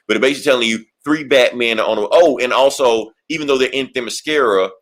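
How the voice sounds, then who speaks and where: A man's voice: mid-range voice, fast, a bit bright. A man co-hosting a podcast, recapping a comic in rambling, profane casual chat. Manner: rambling, profane, laughs often. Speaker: podcast co-host.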